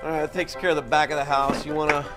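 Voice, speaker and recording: An actor playing a neighbor in a comedy skit, bantering casually. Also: male voice, fairly high pitch, flat delivery, rapid-fire, close to an everyday voice. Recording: skit clip with loud music.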